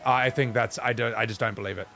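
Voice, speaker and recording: A man's voice: mid-range voice, fairly even intonation, fast talker, vocal fry, fairly bright tone, soft background music. Blunt, profane male streamer. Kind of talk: casual rant while gaming.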